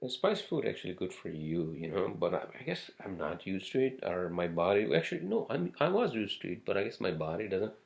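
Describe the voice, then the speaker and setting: A podcast host with a deep, creaky, sing-song voice talks briskly and barely pauses. Alone on his casual show, he rambles from topic to topic, swearing often and filling his talk with fillers and asides.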